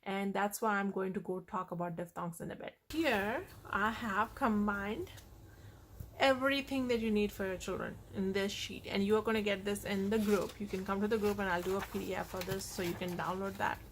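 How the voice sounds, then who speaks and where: A woman's voice: mid-range voice, fairly even intonation, moderate pace, slight background noise. Woman teaching a patient phonics lesson. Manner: explains patiently, repeating key points.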